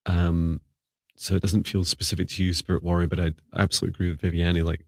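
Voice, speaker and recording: A man with a very low, gravelly and husky voice hosts a live psychic reading stream. He gives soft, meandering spiritual guidance full of fillers. His voice is close and dry, with no room sound. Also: level tone, quick pace, no echo. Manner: gentle, rambling advice with many fillers. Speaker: psychic mentor and co-host.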